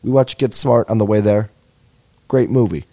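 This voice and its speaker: A man's voice: fairly low pitch, normal speed, mellow. A young man hosting a comedy podcast, telling rambling, profane, self-deprecating stories in a casual monologue, a little tired. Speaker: podcast host.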